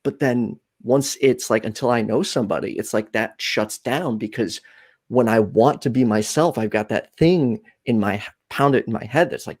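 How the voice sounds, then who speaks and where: A man hosting a call-in show, chatting in an animated, goofy and openly self-reflective way. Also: medium pitch, normal speed, dry recording, clean studio sound. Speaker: show host. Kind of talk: casual chat on a call-in show.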